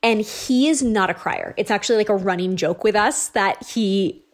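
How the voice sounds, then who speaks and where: A woman's voice: mid-range voice, normal speed. A woman in her thirties telling a personal story in a casual, chatty way, with many fillers and quoted asides. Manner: chatty, animated, lots of likes and ums.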